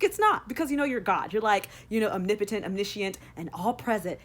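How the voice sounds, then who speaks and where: Expressive woman rambling about faith. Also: mid-range voice, moderate pace, hardly any pauses. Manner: rambling and expressive, many fillers, dramatic voiced complaints. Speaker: Christian vlogger. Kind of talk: casual devotional vlog. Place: in Texas.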